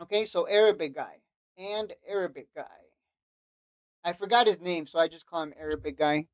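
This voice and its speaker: A trading coach and channel host rants to stock traders in a casual video monologue, his voice a little high and his pace normal. He is preachy and mocking, repeating himself and restarting sentences. The dull, slightly lo-fi recording is dry.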